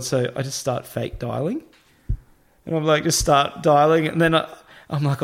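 A man's voice: medium pitch, steady tone, normal speed. A man with an Australian accent telling a long personal story in casual chat, swearing freely and acting out what other people said.

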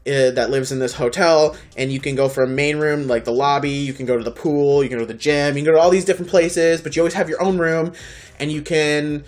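A podcast co-host telling a story in casual chat, animated, swearing freely and acting out the people in it. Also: mid-range voice, fairly quick, faint music behind.

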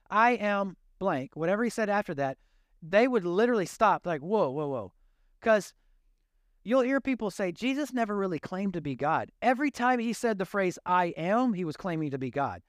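A man with a notably high voice delivers a sermon in a relaxed, conversational way, tossing in jokes with his congregation. The sound is dry and close. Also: no echo. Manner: casual, joking, conversational preaching. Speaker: pastor.

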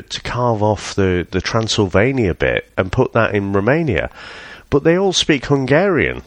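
Lively, sweary man reviewing films. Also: lowish voice, dry recording. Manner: swears freely, laughs often, lively and mocking. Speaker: podcast co-host. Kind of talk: casual film review chat.

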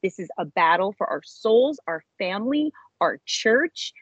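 Woman guest, husky, emotional storyteller; slightly dull recording. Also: measured pace, no room sound. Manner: animated storyteller, voice jumps high when reenacting. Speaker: interview guest, author. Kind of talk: emotional personal testimony.

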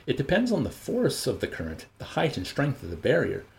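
A man narrating an audiobook in an expressive, measured reading. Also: medium pitch, vocal fry, slight background noise. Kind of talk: scripted narration.

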